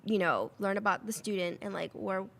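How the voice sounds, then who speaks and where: A woman's voice: mid-range voice, lively intonation, vocal fry. A young woman co-hosting a podcast, chatting playfully and laughing easily. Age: young adult. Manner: playful, quick laughs and short agreements. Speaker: podcast co-host. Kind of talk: casual chat.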